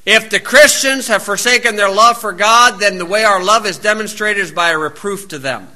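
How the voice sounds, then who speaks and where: A man's voice: high-pitched, normal speed, sharp tone. A male preacher delivering a blunt, plain-spoken, scolding sermon.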